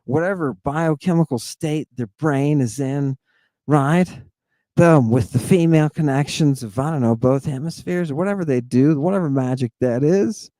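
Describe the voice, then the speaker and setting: A middle-aged man giving a provocative lecture, confrontational and insulting, swinging between loud jabs and low mutters. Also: moderate pace, no room sound.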